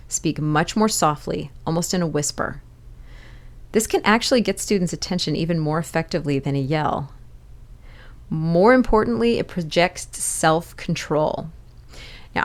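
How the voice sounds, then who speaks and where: Candid, laughing woman podcast host. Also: deep voice. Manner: friendly, candid, with little laughs. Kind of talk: conversational advice talk.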